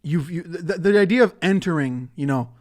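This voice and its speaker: A man's voice: on the high side, expressive, moderate pace, darkish tone. A man hosting a solo podcast in a casual, rambling way, swearing and laughing often. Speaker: podcast host.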